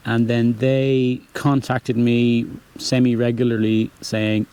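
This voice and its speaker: A relaxed young man with a Dublin Irish accent and a mellow, warm voice. He chats casually through viewer questions and corrects himself as he goes. His pitch sits in an ordinary middle range. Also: moderate pace. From Ireland. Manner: easygoing, rambling, self-correcting. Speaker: channel host answering viewer questions. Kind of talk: casual chat.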